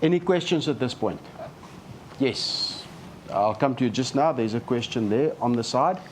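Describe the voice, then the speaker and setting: Man, panel moderator, lively pitch, faint background noise. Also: normal speed. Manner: animated, lecturing advice. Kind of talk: moderating a live panel discussion.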